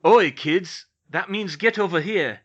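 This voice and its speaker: A man voicing a blunt young prankster who calls out loudly in a storybook reading. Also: a little high, a little fast, highs cut off, voice pushed up. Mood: rowdy. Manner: loud, blunt.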